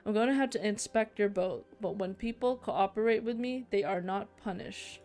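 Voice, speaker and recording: A calm, menacing male sea officer from a narrative game speaks in measured, courteous threats, read out by a woman. The voice sits at a middle pitch. Faint game music plays underneath. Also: close to an everyday voice.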